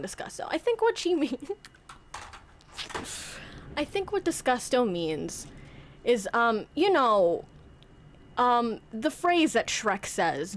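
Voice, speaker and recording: A young woman streamer talks in a loose, rambling way, with pitch that leaps around. Her voice sits a bit high for a woman. She often interrupts herself and plays little scenes with her toys. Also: sing-song, takes it slowly, pauses often. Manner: playful, rambling, self-interrupting, acts out skits with toys. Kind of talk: casual chat.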